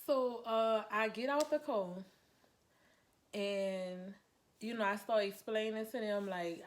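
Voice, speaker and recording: A woman tells a personal story straight to camera in a casual vlog. She is chatty and animated, calls her viewers "y'all", and acts out what she said at the time. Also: medium pitch, takes it slowly. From Louisiana. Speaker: vlogger telling a personal story.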